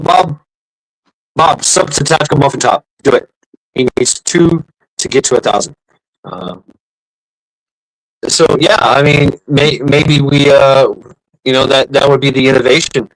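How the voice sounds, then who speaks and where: Gravelly-voiced guy hosting a live stream, lots of uh and you know, chatty. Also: medium pitch, a little slow, long pauses, rough recording. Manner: rambling, many fillers and restarts, reads out chat. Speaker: livestream host. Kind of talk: casual livestream chat.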